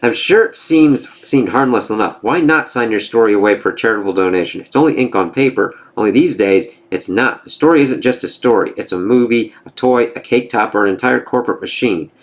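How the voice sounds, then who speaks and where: A man's voice: lowish voice, brisk, few pauses, natural voice. Guy doing a smug gloating corporate bad guy, taunty.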